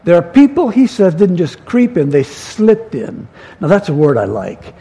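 An older man preaching a sermon in a church, folksy and storytelling, with pauses and restarts. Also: high-pitched, huge pitch swings, dark tone, breathy edge. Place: church sanctuary. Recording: long hall reverb.

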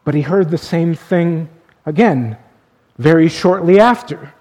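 A male pastor telling a story in a sermon, earnest, swinging between emphatic and hushed. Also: fairly high pitch, measured pace.

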